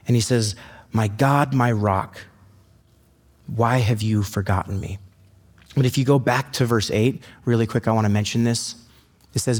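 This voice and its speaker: A man preaching a sermon in a conversational, storytelling way, slowing down to read scripture. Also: medium pitch, a little mellow, long reverb tail. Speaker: pastor.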